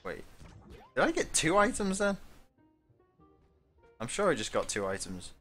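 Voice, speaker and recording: A man's voice: on the high side, huge pitch swings, a little slow, fairly bright tone, soft background music. A man streaming a game live and chatting casually, greeting viewers by name and laughing often.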